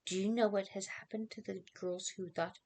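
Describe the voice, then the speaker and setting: A woman reading aloud as a devoted young male carpenter, gentle and earnest in a dramatic reading. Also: medium pitch, steady tone, normal speed, a little hiss or hum, close to an everyday voice. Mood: tender.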